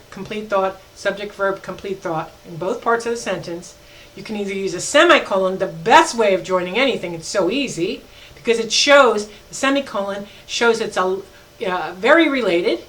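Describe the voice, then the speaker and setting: A woman professor giving a recorded grammar lecture, emphatic, slowing down to spell out examples and correcting herself as she goes. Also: medium pitch, fairly bright tone, a little hiss or hum, poor audio. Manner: self-correcting, with fillers.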